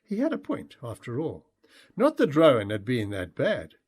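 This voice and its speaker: A man narrating his own memoir as an audiobook, in a heartfelt, expressive way. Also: mid-range voice, normal speed, husky.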